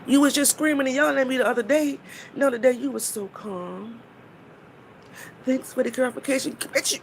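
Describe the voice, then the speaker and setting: A woman's voice: sits high, fairly quick, a little hiss or hum. A woman on a live stream, talking bluntly and mockingly to her viewers, swearing freely and stopping to greet people in the chat.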